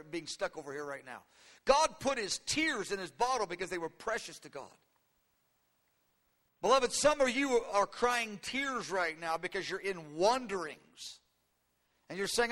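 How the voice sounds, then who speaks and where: Fiery preacher in his fifties, bright-voiced. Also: brisk, big-room sound. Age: 50s. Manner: animated, acts out voices with rising pitch. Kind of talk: sermon.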